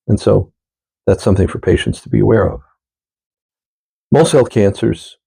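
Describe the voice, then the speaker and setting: A middle-aged man, a doctor, giving a calm, measured explanatory talk to camera. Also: fairly low pitch, creaky, husky, rough recording.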